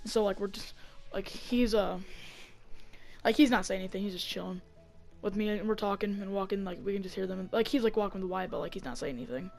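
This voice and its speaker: A woman telling a story in a casual vlog, rambling with lots of fillers and getting excited as she acts it out on a desk mic. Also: mid-range voice, quick pace, vocal fry, faint music behind. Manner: rambling, heavy on fillers, gets excited acting out the fight. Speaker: vlogger.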